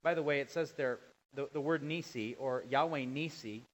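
A middle-aged man delivers a sermon at a mid-range pitch. He swings between loud, raised emphasis and low, hushed asides. The delivery is steady and earnest. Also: normal speed, poor audio. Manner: animated preaching, voice rising and dropping for emphasis. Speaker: pastor.

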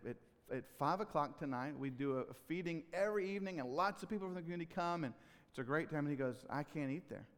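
A man preaching a sermon as pastor, earnest, swelling loud on key phrases and dropping low. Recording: long hall reverb.

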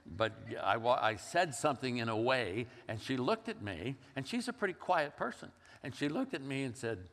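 A man's voice: medium pitch, big pitch swings, normal speed, hardly any pauses, fairly bright tone. An older man preaching a sermon as a pastor, telling stories in a conversational way and acting out the quoted lines. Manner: storytelling, conversational with acted-out quotes. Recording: long hall reverb.

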